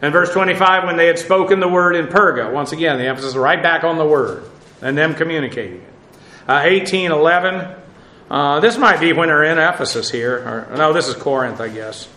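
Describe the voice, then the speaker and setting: A man's voice: on the high side, animated, brisk, sharp tone, reverberant, poor audio. A man teaching an informal Bible class in a conversational way, with many fillers and dry asides.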